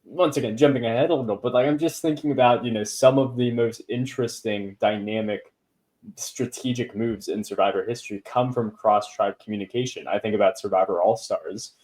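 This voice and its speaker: Rambling low-voiced male podcast host. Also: brisk, darkish tone. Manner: rambling, lots of fillers and blah blah asides. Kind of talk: casual chat.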